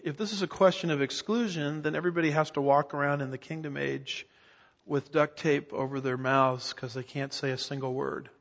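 Middle-aged male pastor, emphatic teaching sermon, raised pitch, muffled reverberant church recording. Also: fairly bright tone. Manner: emphatic teacher, asks the congregation rhetorical questions. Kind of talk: expository sermon.

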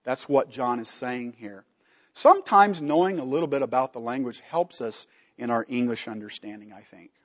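A man's voice: mid-range voice, normal speed, big-room sound, muffled recording. A man teaching a Bible study from slides, emphatic, putting questions to the class and answering them himself.

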